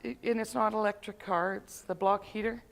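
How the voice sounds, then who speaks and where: A woman instructor leading a live group through laughter yoga at a conference session, playful and quick to laugh as she chants and calls out to the group. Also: mid-range voice, fairly even intonation, gravelly, slight background noise.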